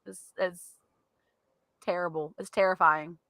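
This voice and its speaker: Bright chatty Southern woman. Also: lowish voice, fairly even intonation, measured pace, no echo. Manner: chatty, laughs often, drawling "y'all". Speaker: podcast co-host. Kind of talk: casual chat. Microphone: studio mic.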